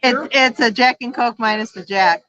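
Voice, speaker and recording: A woman's voice: fairly high pitch, normal speed, highs cut off, a crowd in the background. A woman co-hosting a casual live-stream travel vlog, chiming in with short asides. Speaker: vlog co-host.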